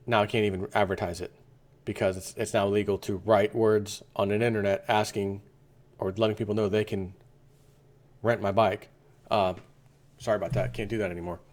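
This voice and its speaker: A man's voice: lowish voice, little pitch movement, brisk. A man hosting an opinion commentary vlog, talking in an indignant, rambling rant. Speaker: vlogger host.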